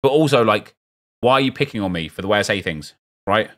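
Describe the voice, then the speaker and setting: Chatty South London man, lowish voice. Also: expressive, fast, fairly bright tone. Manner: chatty, rambling, jokey asides to chat. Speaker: streamer. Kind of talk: casual game commentary.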